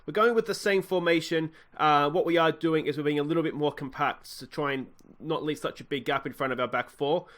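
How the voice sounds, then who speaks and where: A man's voice: fairly high pitch, a little fast, hardly any pauses. Chatty Australian man commentating a game. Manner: chatty, muttering asides, bursts of excitement at goals. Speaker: gaming YouTuber. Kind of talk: let's play commentary.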